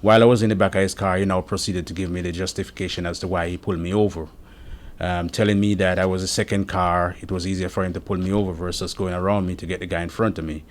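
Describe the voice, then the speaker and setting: A man earnestly recounting an incident in a steady first-person account, giving testimony as an interviewee. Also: low-pitched, fast. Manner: earnest, steady retelling with frequent quoted dialogue.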